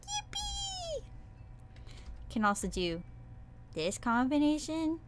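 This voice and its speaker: A woman streamer with a fairly high, lively voice chats casually and playfully with her viewers. She speaks at an easy, unhurried pace. She breaks into squeals and cutesy sound effects along the way. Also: noisy background. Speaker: VTuber streamer. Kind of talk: casual livestream chat.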